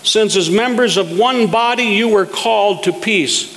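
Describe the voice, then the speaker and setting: A man preaches in a folksy, storytelling way, chuckling now and then at his own jokes. His voice sits high and has a gravelly edge. The sound carries a long reverb from a large hall, with a faint hiss underneath. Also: unhurried, a bit bright. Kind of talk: sermon with humorous stories.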